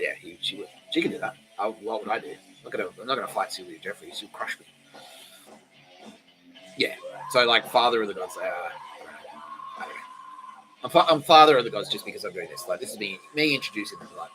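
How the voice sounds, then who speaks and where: A man's voice: fairly low pitch, pushed and bright, low-quality recording. A young man hosting a podcast, talking in a rambling, profane, self-mocking way. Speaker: podcast host. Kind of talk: casual solo monologue.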